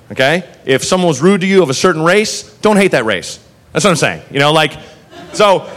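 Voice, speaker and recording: Male stand-up comic, high voice, lively storytelling with crude asides. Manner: animated, swearing, laughing asides. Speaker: stand-up comedian.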